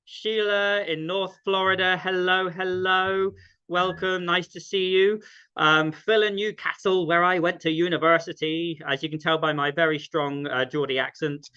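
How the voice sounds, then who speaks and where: A man's voice: high voice, fairly even intonation, normal speed, bright, forceful tone, clear, resonant tone. A man hosting an online sing-along, chatty and self-deprecating, with many ums. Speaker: host. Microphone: video call. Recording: dull lo-fi video call audio.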